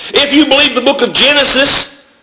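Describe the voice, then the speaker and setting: A man's voice: very high-pitched, moderate pace, sharp tone, a little hiss or hum. A man preaching a sermon, calling his listeners brethren and building long repeated lists, in a church. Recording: echoey room.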